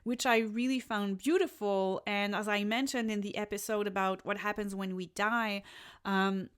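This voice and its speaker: A woman hosting a podcast, telling a personal spiritual experience in a lively, enthusiastic way, with casual asides and restarts. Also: medium pitch, normal speed, clean tone. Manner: animated and enthusiastic, with laughs and restarts. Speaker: podcast host and spiritual reader. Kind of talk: casual first-person storytelling.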